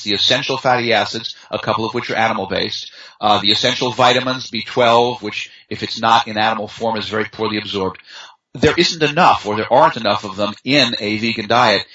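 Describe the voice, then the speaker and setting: A man talking in an unhurried, chatty way as a guest in a conversation, with fillers and easy storytelling. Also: on the low side, bright, forceful tone. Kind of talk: casual conversation. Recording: dull lo-fi sound.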